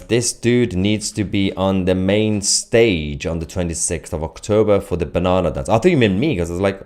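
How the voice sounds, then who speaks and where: A man's voice: deep voice, a little mellow. A man hosting a live stream, chatting casually and reading out viewer comments, with many fillers and restarts.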